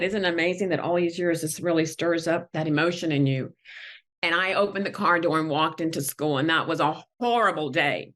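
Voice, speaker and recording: Woman guest, first language not English, deep voice, earnest and emotional storytelling. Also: a little fast, fairly bright tone. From not from the country where she went to school. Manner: earnest, tearful at times, many fillers. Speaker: guest executive.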